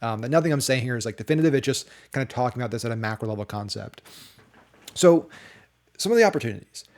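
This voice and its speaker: A man's voice: medium pitch, lively intonation, quick pace, darkish tone. A man in the role of a marketing educator, giving casual talking-head commentary and often checking in with rhetorical questions. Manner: conversational, leans on rhetorical "right?" checks.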